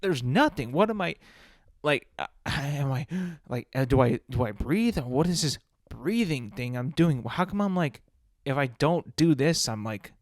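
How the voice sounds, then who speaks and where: Bewildered newborn baby boy, put on by a man, anxious questions, a bit raised and loud, dry sound. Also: medium pitch, expressive, unhurried, no echo, close to an everyday voice.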